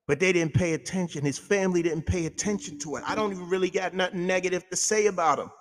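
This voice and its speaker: A man's voice: a little high, in a large hall. A man, hosting a talk show and delivering a heated, profane monologue. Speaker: radio show host.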